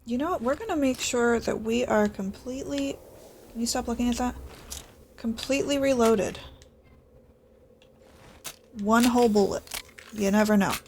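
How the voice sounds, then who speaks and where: A woman with a fairly high voice gives casual let's-play commentary, chatty and dryly sarcastic, at times dropping to a whisper. A clear layer of noise sits behind her voice. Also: moderate pace, long pauses, darkish tone. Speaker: gaming streamer.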